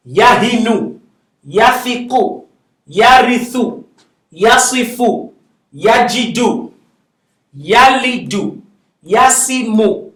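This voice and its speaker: High-voiced man teaching in an echoey classroom. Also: a bit bright, distant mic. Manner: drills words slowly, laughs often, chatty asides. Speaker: Arabic teacher. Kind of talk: classroom lecture, reading word lists aloud.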